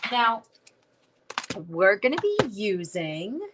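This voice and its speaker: A woman's voice: mid-range voice, sing-song, takes it slowly, background noise. A woman hosting a live-streamed stamping class, chatting casually into her phone, greeting viewers by name and correcting herself as she goes.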